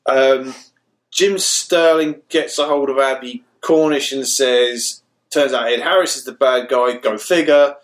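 A man's voice: medium pitch, a little slow, rough recording. Rambling man recapping a film. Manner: rambling plot recap, swearing and laughing. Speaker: podcast co-host. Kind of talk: casual film-review chat.

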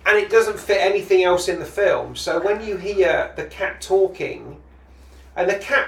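A man with a fairly high voice talks through a bad film with rambling amusement. He sits back from the microphone in a roomy space, so his words carry a clear echo. The chat is casual and loose. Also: lively intonation, a little slow, fairly bright tone, recorded from a distance, slight background noise. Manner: rambling, amused, with many restarts. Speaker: podcast co-host.

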